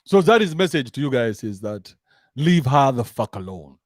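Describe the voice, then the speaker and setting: In a mid-range, sing-song voice at normal speed, a commentary show host with a Kenyan accent rants comically, crude and mocking, switching between English and slang. The studio sound is dry and clean.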